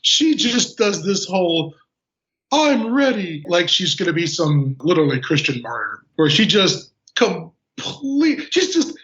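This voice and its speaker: Guy with a high voice on a podcast, sarcastic and lively, kinda muffled audio. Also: measured pace, hardly any pauses. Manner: animated, sarcastic retelling. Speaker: podcast guest, game designer. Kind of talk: casual film discussion. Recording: dull lo-fi audio.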